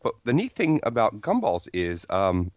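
A man co-hosting a comedy podcast, telling a story with a slow, rambling comic buildup. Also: on the low side, wildly swooping pitch, no echo, studio quality. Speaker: podcast co-host.

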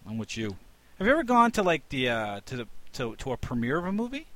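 Man, casual podcast host, lively swooping voice, dry close sound. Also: medium pitch, quick pace, no room sound. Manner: animated, profane, keeps asking the others' views. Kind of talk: casual chat.

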